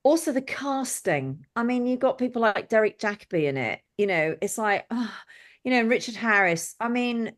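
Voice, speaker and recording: A middle-aged woman telling lively, blunt stories as an interview guest. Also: on the high side, moderate pace. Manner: lively anecdotal, blunt and exclamatory. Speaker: guest, film set decorator. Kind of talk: casual interview storytelling.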